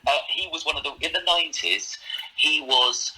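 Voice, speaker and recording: A middle-aged man, a comedian, chatting as a podcast guest, animated with quick asides. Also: on the high side, husky, low-quality recording. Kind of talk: casual podcast chat.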